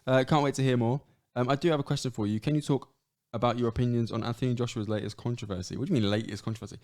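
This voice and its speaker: A man's voice: medium pitch, fairly even intonation, racing, a little mellow. A man co-hosting a podcast, bantering casually and calling people "bro". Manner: laid-back banter, says "bro" a lot. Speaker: podcast co-host. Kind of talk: casual chat.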